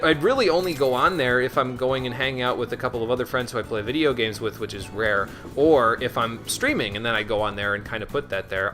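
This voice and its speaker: A man chats casually as he streams a game, answering his chat and laughing at himself. His bright voice swings widely in pitch, he makes self-deprecating restarts, and soft game music plays in the background.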